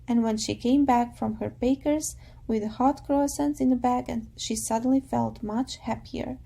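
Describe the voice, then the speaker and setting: Gravelly, mellow-voiced woman teacher. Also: a little high. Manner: calm, patient, guiding students. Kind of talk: reading a novel aloud to a class.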